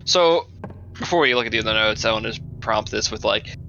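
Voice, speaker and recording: Bright-voiced man chatting over a game. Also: on the low side, fairly quick, dull audio, soft background music. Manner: rambling, searching for words, laughing. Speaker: let's play commentator. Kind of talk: casual group chat over a game.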